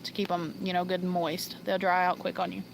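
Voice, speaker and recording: A woman's voice: lowish voice, little pitch movement, fairly quick, vocal fry, a little hiss or hum, rough recording. A woman hosting a casual livestream, laughing constantly and losing her train of thought. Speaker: livestream host. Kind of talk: casual live chat.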